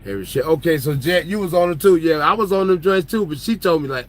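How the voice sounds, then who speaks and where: A man's voice: fairly high pitch, animated, fast talker, rough recording. A man who drives trucks, telling stories in loose casual chat, joking and laughing as he talks. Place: truck cab.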